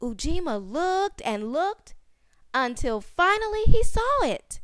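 A woman slowly reading a storybook phonics lesson aloud, repeating each word and then its sound more and more softly. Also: very high voice, very animated, no echo, clean studio sound. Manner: stretches and repeats sounds, drops to soft repeats. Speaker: phonics teacher.

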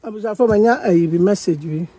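A woman's voice: mid-range voice, fairly quick, mellow, breathy edge, no echo. A woman with a Ghanaian accent delivering a heated monologue, mixing Twi and English, accusing and defending herself. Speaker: social media personality. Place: living in Germany.

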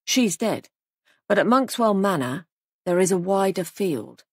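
A woman's voice: mid-range voice, animated, measured pace, no echo, clean studio sound. A woman voicing a stern male police sergeant in an audiobook, speaking in a firm, clipped, probing way. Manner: firm, clipped, pressing questions.

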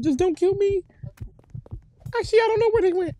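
A woman gaming streamer reacting to a horror game, excitable and quick to shriek. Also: very high-pitched. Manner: excitable, shrieks and laughs often.

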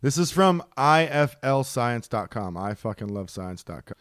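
A man co-hosting a casual comedy podcast who rants excitably and swears a lot. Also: medium pitch, moderate pace, dry recording, studio quality. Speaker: podcast co-host.

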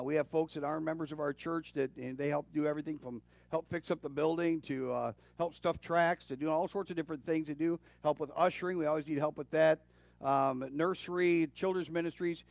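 Folksy pastor with a slightly high voice. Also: male voice, gravelly, no room sound. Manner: informal, folksy, with fillers and restarts. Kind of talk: conversational sermon.

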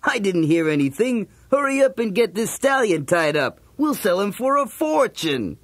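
Man doing a curt, scheming cartoon crook, pitched a bit higher, storybook tape. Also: big pitch swings, moderate pace, fairly bright tone, no room sound, heavily acted. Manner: curt, bossy. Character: scheming bossy male villain, dismissive.

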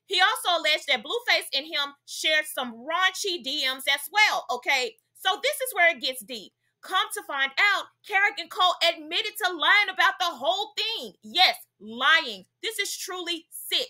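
Host: high, bright-voiced young woman, sassy gossip commentary, punchy "okay?" asides. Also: animated, moderate pace, hardly any pauses. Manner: sassy, emphatic, constant "okay?" tags. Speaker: celebrity gossip vlogger.

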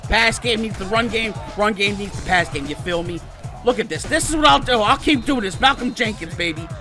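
A man doing excited gameplay commentary for his channel, swinging between muttered play-by-play and outbursts of shouting and cursing. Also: sits high, fairly quick. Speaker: gaming channel host. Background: game music.

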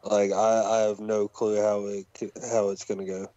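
A man's voice: fairly low pitch, flat delivery, normal speed, mellow, no echo, lo-fi sound. A man on a casual wrestling podcast panel, hesitant and torn, with many fillers.

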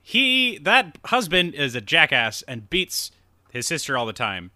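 Animated, bright-voiced man recapping a movie. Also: on the high side, measured pace, no room sound, studio quality. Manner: rambling, profane, laughs at himself, acts out quotes. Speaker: podcast host. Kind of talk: casual movie recap chat.

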